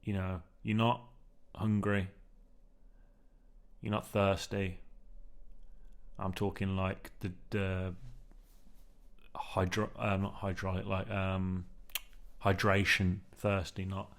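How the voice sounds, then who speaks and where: A man's voice: sits low, flat delivery, takes it slowly, pauses often. A man vlogging in a loose, meandering monologue, full of ums and restarts, often tagging sentences with "man", while testing a newly bought mic. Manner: meandering, filler-heavy, keeps saying "man". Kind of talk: casual rambling monologue. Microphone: newly bought mic, under test.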